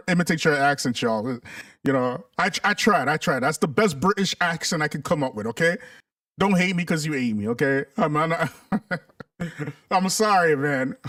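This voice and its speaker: A man with a high, light voice talking straight to his viewers in an easy, conversational flow. He leans hard into sarcasm, dragging out mock surprise and poking fun at what he reads aloud. His pace shifts between quick asides and slow, pointed jabs. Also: a bit bright, distant mic. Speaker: political commentator. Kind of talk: commentary stream to viewers.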